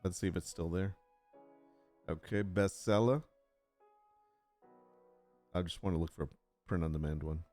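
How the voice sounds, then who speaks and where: A man's voice: low-pitched, moderate pace, long pauses, a little mellow, faint music behind. A man chatting casually on a live stream, talking through his work and reading text aloud with joking asides. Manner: chatty, reads aloud, jokes with chat.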